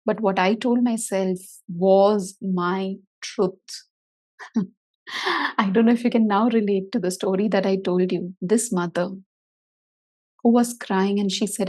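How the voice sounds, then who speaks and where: A middle-aged woman therapist giving a motivational talk to parents, expressive and animated, acting out her inner voice with big swings. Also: medium pitch, unhurried. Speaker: therapist for autistic children.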